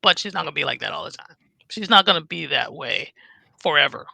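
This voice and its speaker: A woman in her fifties chatting frankly as a podcast co-host, telling stories with animated, acted-out dialogue. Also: deep voice, fairly quick, gravelly, dry recording. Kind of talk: casual chat.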